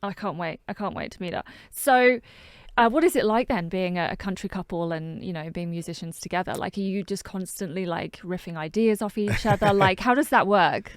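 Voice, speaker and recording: A woman's voice: mid-range voice, a little fast, no echo. A woman, hosting a casual radio interview in a chatty, enthusiastic way. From Australia. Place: radio studio.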